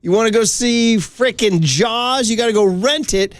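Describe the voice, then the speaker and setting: A man's voice: very high-pitched, normal speed, no room sound, studio quality. A middle-aged man hosting sports radio, chatty and telling stories with easy laughter. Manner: chatty, storytelling, laughs easily. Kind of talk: casual sports radio banter.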